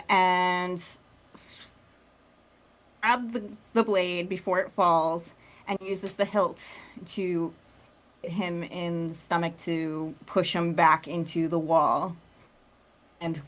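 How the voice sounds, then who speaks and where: Low-voiced, slow, hesitant woman, tabletop game player. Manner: hesitant, many fillers. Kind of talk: tabletop role-play, casual.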